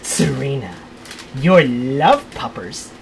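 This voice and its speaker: A woman's voice: extremely low pitch, big pitch swings, slow pace, creaky, a little mellow, a little hiss or hum, exaggerated voice. A woman voicing a doting, possessive sorceress bride who talks in syrupy pet names.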